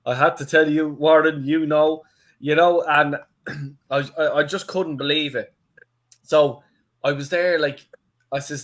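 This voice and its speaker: A man's voice: fairly high pitch, fairly even intonation, normal speed, fairly bright tone. A young Irish man, a channel host, telling a rambling story in casual chat with lots of fillers and swearing. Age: young adult. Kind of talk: casual anecdote.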